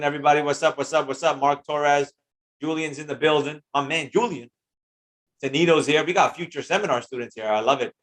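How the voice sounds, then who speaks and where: A man teaching trading on a live stream, answering chat comments in an energetic, slangy way and greeting viewers by name. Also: on the high side.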